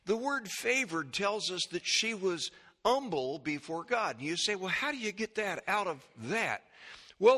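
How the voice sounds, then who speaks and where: A man preaching a sermon, reading scripture in a slow, measured way and then teaching the congregation with questions. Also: high-pitched, sharp tone. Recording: long echo of a large hall.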